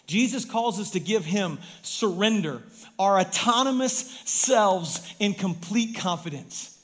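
A man, a pastor, preaching a sermon in an emphatic way, swinging from loud stresses down to hushed, quiet lines. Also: high-pitched, unhurried.

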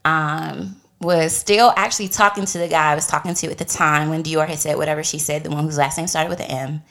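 A young woman telling a personal story in casual chat, animated and acting out what others said. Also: brisk. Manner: animated, acts out quoted voices with big pitch jumps.

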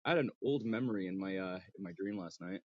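Husky man chatting and laughing. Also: sits low, fast talker, dull audio. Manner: laughs often, lively storytelling. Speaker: podcast co-host. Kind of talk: casual chat.

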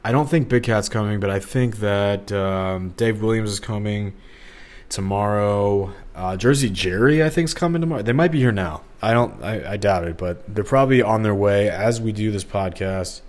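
A man's voice: lowish voice, normal speed, a little mellow. A young man from the St. Louis area, talking casually and rambling on a solo podcast, with lots of fillers and restarts. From Missouri, St. Louis area. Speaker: podcast host.

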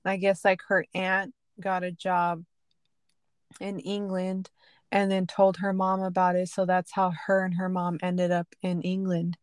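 A young woman co-hosting a podcast, telling stories in a lively, casual way and swearing freely. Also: lowish voice, a little slow, smooth, no room sound. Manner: animated storytelling, swears casually. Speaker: podcast co-host. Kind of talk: casual chat.

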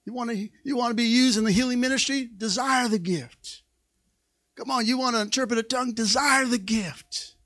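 A man preaching a Pentecostal sermon in a church. He calls for amens and rises to excited shouts. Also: extremely high pitch, normal speed. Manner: call-and-response preaching, asks for amens. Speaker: pastor. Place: church sanctuary.

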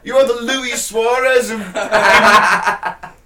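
A man's voice: very high-pitched, steady tone, takes it slowly, pushed and bright. A British man co-hosting a podcast, joking around with friends and laughing often. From Britain. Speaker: podcast co-host. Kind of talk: casual banter.

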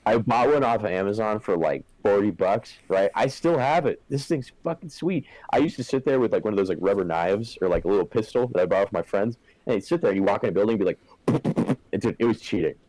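Low-voiced man ranting casually. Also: animated, fairly quick, a little mellow, no echo, rough recording. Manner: profane, ranting, laid-back. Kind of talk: casual chat.

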